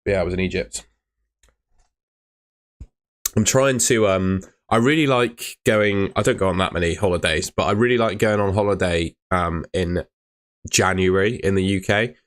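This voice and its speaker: Streamer, deep voice, easygoing chat with lots of ums, reads out chat. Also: male voice, normal speed. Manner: chatty, reads out viewer comments with filler words. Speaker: host of a fantasy football live stream. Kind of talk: casual live-stream chat.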